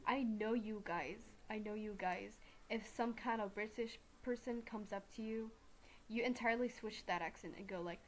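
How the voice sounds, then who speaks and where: A woman's voice: fairly high pitch, normal speed, fairly bright tone. A young woman streaming a game live, rambling and chatty, self-mocking, with lots of fillers.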